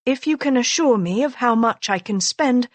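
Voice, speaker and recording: A woman voicing a sharp-tongued aristocratic Regency wife, crisp, haughty and argumentative, in an audiobook. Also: a little high, expressive, moderate pace, no echo, voice pushed up.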